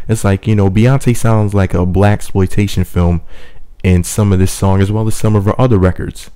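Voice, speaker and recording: A deep-voiced man gives his opinions on a new song in a casual review. His voice is mellow and smooth, and he sounds measured and sure of his views, slowing down whenever he quotes a line. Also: fairly even intonation. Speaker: music reviewer, channel host.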